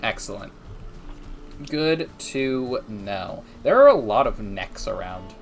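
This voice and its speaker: A man's voice: lowish voice, expressive, takes it slowly, soft background music. A young man co-hosting a casual gaming chat in a laid-back, dry manner, swearing casually. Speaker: co-host, gamer.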